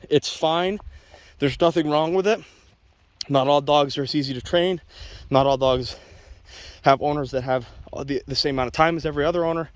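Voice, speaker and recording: A man's voice: mid-range voice, dry recording. A man, a dog trainer, giving blunt, opinionated casual commentary to viewers while walking outdoors. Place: outdoors on a wet walk with his dog.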